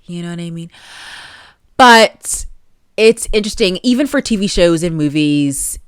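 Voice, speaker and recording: A woman's voice: fairly low pitch, lively intonation, a little slow, smooth, no room sound, studio quality. A young adult woman hosting a solo podcast, rambling casually with lots of fillers. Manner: rambling, chatty, with frequent likes and laughs. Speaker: podcast host. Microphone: plugged-in podcast mic.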